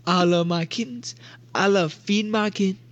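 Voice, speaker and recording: A man's voice: high voice, moderate pace, dry recording, muffled recording, voice pushed up, natural voice. A man voicing a big, clingy schoolboy in a trench coat who adores kittens, talking in an eager, gushing way.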